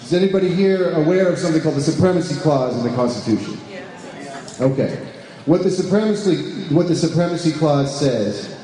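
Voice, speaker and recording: A man's voice: a little high, mellow. A man giving a speech to a live audience as an advocacy group's deputy director, with many fillers and restarts, often asking the room questions. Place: large echoey room with an audience. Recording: roomy hall reverb, faint background noise.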